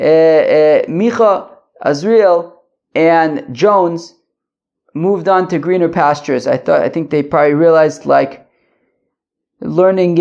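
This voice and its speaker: A man's voice: a little high, a little mellow. Guy pacing around going through talmud lines, stop-start, muffled recording. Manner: halting, many restarts and fillers, Yiddish-flavored study terms. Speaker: Talmud teacher. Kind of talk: daily Talmud lesson, translating line by line. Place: pacing at the edge of a wedding hall.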